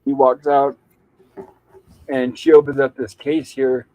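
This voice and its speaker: A man's voice: medium pitch, flat delivery, slow, warm tone, low-quality recording. A man casually retelling a TV episode scene by scene as a podcast co-host, quoting its lines in his own plain voice.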